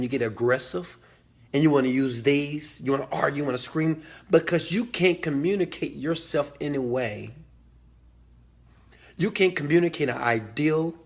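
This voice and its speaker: A man with a slightly high voice gives a motivational talk. He is emphatic and preachy, hammers his points through repetition, and swears freely. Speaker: host.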